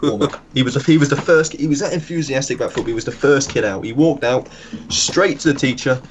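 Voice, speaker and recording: A man's voice: medium pitch, slight background noise. A young man rattling off sweary school stories in casual chat. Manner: quick profane storytelling. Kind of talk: casual chat while gaming.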